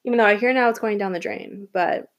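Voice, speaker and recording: A woman's voice: mid-range voice, fast talker. Emotional young woman rambling on a podcast. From Atlanta, Georgia. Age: young adult. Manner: emotional, rambling, with many restarts and laughs. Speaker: student podcast host. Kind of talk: casual solo podcast monologue.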